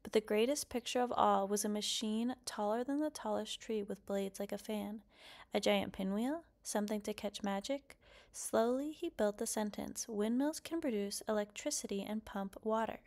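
Gravelly-voiced woman reading a children's book. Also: medium pitch, normal speed. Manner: expressive, lively character quotes. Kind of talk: read-aloud storytelling.

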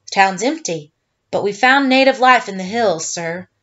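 A woman's voice: mid-range voice, expressive, normal speed, a bit bright, natural voice. Woman doing a polite lieutenant reporting to his captain, slightly muffled. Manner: reporting, deferential. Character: young army lieutenant, dutiful and polite.

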